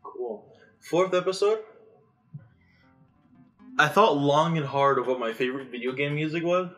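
A man hosting a casual podcast, excitable, swearing and laughing as he chats with friends. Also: on the high side, a little slow, soft background music, rough recording. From United States. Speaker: podcast host. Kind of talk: casual chat.

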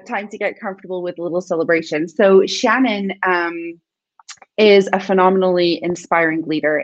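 A woman co-hosting an education podcast, talking in a warm, effusive way in a casual panel chat. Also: lowish voice, dry recording, muffled recording. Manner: effusive, enthusiastic. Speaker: podcast co-host.

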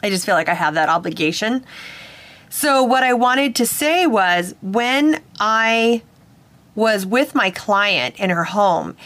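A woman's voice: medium pitch, a bit bright, no echo. Earnest woman telling a personal story. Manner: earnest, slightly hesitant, with many restarts. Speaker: psychic medium and podcast host.

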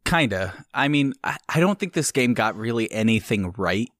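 A man co-hosting a podcast in casual chat, animated and joking, acting out little quotes. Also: medium pitch, normal speed, dry recording, clean studio sound. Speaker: podcast co-host.

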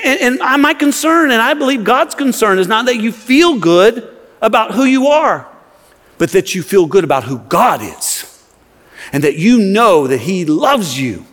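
A pastor with a very high-pitched, slightly bright voice preaches an impassioned sermon, repeating words often to drive his points home. The long reverb of the large church sanctuary hangs on every line.

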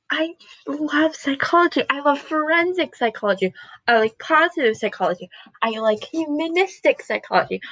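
Bubbly high-voiced young woman vlogger. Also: fairly bright tone, dry recording, rough recording. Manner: rambling and gushing, drifts off topic, whispers at times. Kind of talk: casual chat to camera.

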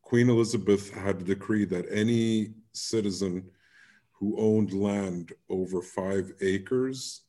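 Deep-voiced man telling an anecdote. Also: slow. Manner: relaxed anecdotal storytelling. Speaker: podcast co-host. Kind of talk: casual podcast chat.

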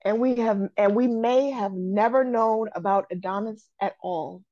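A woman's voice: mid-range voice, normal speed, a little mellow, dry recording, lo-fi sound. A woman co-hosting a casual gossip podcast, blunt and profane, telling the story with jokes. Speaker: podcast co-host.

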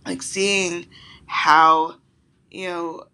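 A young woman talks casually on her podcast, telling stories with quick, playful impressions. Her voice sits on the low side for a woman. Her delivery is relaxed and conversational. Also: smooth. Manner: animated storyteller who acts out quotes. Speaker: podcast host. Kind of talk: casual monologue.

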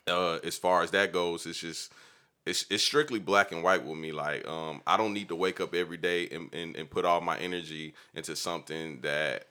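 A very deep male voice with a forceful, bright edge, speaking. He hosts a casual podcast and tells long, profane stories full of fillers. His delivery is loose and unhurried. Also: steady tone. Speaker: podcast host.

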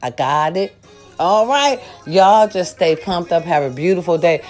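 A woman's voice: fairly low pitch, lively intonation, a little slow, faint music behind. Hyped, profane older woman vlogger. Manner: loud, hyped, profane and sassy. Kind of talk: casual pep talk.

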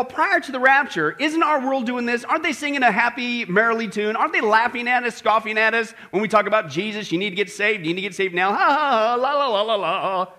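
A man's voice: high voice, pushed and bright. A man preaching as pastor, emphatic and talking straight to the congregation with frequent asides. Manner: emphatic, addresses folks with frequent okay and right. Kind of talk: sermon.

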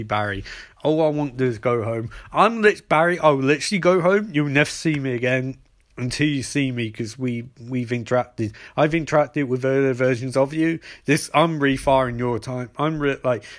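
A man's voice: mid-range voice, normal speed, close to an everyday voice. An exasperated, rambling male time-traveler villain, as a man puts him on. He talks in tangled restarts in close to the man's own voice. It is a comic recap of a show.

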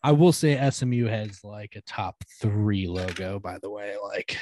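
A man's voice: on the low side, fairly even intonation, unhurried, a crowd in the background. A man co-hosting a casual sports podcast, laid-back, reading out team lists that trail off at the ends. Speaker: podcast co-host.

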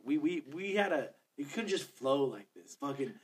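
A man's voice: a little high, moderate pace, husky. A man in his thirties co-hosting a podcast, chatting casually and telling stories with lots of swearing. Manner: profane, rambling, animated storytelling. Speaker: podcast co-host. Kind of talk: casual chat.

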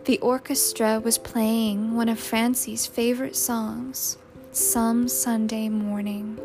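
A woman narrates a novel in slow, measured storytelling. Her voice sits a little high. Loud music plays under her reading throughout. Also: flat delivery, vocal fry. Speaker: audiobook narrator. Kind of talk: scripted narration.

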